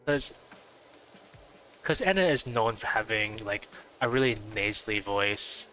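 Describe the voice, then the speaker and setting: A man with a nasal voice chatting casually on a stream, rambling and thinking out loud with lots of fillers. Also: on the low side, animated, a little slow, faint music behind, rough recording.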